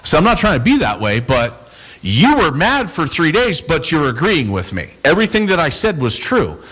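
A man preaching a sermon as a pastor, casual and animated, acting out the people in his stories. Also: a little high, normal speed. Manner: animated, acts out quoted voices, bursts into shouts.

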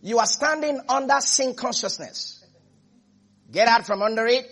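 A male pastor with a very high voice, preaching a sermon. He repeats his points with emphasis and keeps checking in with the congregation. His tone is husky and a little breathy. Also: normal speed, fairly bright tone.

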